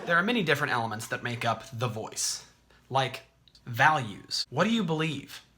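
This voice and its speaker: Guy narrating his own explainer video, bright voice, chatty. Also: mid-range voice, big pitch swings, moderate pace. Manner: conversational, clear explaining. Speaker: host.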